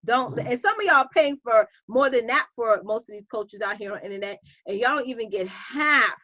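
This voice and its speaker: A woman coach hosting a casual live stream, chatty and animated, greeting viewers by name. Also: fairly high pitch, normal speed, dry recording, lo-fi sound.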